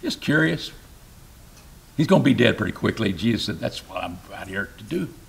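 A man preaching an expository sermon, reading scripture aloud and explaining it, with emphatic rises and sudden low drops. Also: moderate pace, gravelly. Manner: animated, rising to emphatic bursts and dropping low.

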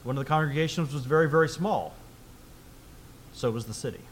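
High-voiced male preacher. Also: fairly quick, slight background noise. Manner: conversational, with rhetorical questions; reads scripture aloud louder. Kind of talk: sermon.

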